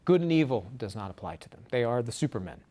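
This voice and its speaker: Man lecturing, animated, acts out quotes, lively pitch, fast talk, audience around him. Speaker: speaker. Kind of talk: lecture to a small group. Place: room with a small audience. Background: audience laughter.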